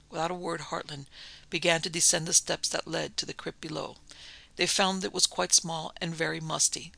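Gravelly male audiobook narrator. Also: fairly high pitch, normal speed, low-quality recording. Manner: steady, plain reading.

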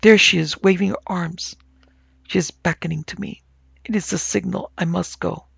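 A man's voice: high-pitched, fairly even intonation, moderate pace, creaky, a bit bright, slightly rough, no echo, exaggerated voice. A man voicing a terrified young man who sees a ghost, in frantic, gasping, half-whispered cries, as a character in an audiobook.

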